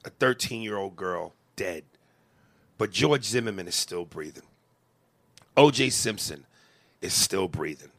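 A man's voice: deep voice, animated, a little slow, long pauses, a bit bright. A man in his forties on a podcast, ranting with passion, swearing and stumbling over restarts. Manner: passionate, profane, stammering restarts. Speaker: podcast co-host. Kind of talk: emotional podcast rant.

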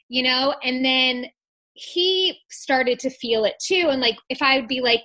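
Brief: bright, slightly high woman in her thirties, podcast co-host, candid rambling chat with swearing. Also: fast talker. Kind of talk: casual chat.

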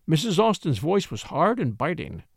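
A male audiobook narrator reading with an animated, expressive delivery. His voice sits fairly high for a man and moves a lot in pitch. The recording is close and dry. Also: normal speed, creaky, breathy edge, no echo. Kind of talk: scripted narration.

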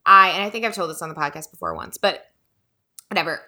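A woman in her thirties tells a story on her podcast with a bright, forceful voice. She chats casually and slips into the voices of the people she quotes. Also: fairly low pitch, very animated, quick pace. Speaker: podcast host. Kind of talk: casual chat.

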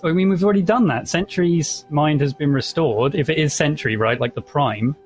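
A man playing in a tabletop game, talking quickly and thinking aloud with halting restarts. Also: fairly high pitch, soft background music. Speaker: player. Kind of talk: casual play talk.

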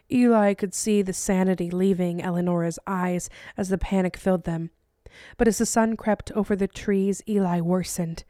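A woman, an author, narrating her own novel as an audiobook in a steady, measured way. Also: mid-range voice, no room sound, studio quality. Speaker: author and podcast host.

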